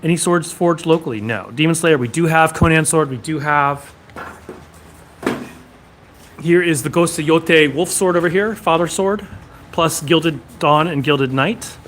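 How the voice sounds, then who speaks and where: A man's voice: fairly high pitch, unhurried, a bit bright, a little hiss or hum. A man hosting a casual live stream from a sword shop, reading viewer comments and answering them one after another.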